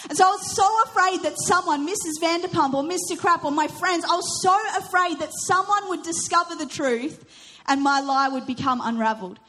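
A woman telling a personal story in a sermon, lively and anecdotal, repeating her point for emphasis. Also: high-pitched, normal speed.

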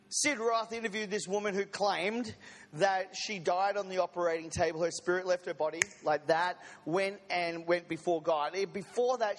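A man delivers a sermon in a fairly high voice. He keeps it conversational and throws in light jokes to his listeners. The sound carries the long reverb of a church hall. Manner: conversational, with joking asides to the congregation. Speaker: preacher. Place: church service.

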